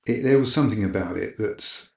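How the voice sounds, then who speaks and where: Middle-aged guy telling a crazy work story, lowish voice, echoey room. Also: a little fast, vocal fry. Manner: animated anecdote teller, acting out others' lines. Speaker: camera operator guest. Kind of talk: casual storytelling interview. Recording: roomy echo.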